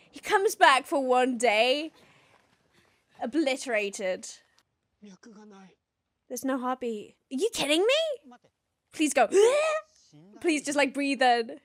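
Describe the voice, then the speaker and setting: A woman's voice: sits high, animated, slow pace, pauses often, a bit bright, soft background music. A woman hosting a reaction video, exclaiming, gasping and laughing as she watches. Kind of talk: excited reaction commentary.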